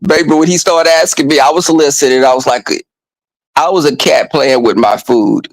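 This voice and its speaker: A high-pitched man with a rough, gravelly texture spins a casual story for his vlog. He is brassy and profane, animated throughout, and the sound is dry and close. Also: normal speed, no room sound, poor audio. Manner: animated, profane and brassy, breaks off to scold a dog. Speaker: vlogger.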